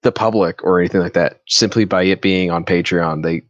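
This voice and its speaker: A man with a very low voice chats casually on a podcast. He rambles and restarts his sentences, and the sound is dry and close. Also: steady tone, fairly quick, dry recording, dull audio. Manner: rambling, restarts often, trails off. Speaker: podcast co-host. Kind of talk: casual chat.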